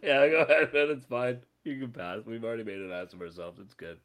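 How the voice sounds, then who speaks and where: A man's voice: mid-range voice, a little fast. Guy hosting a podcast, goofy, laughs a bunch, voice jumps all over. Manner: laughs a lot, goofy and animated. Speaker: podcast host. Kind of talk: casual chat.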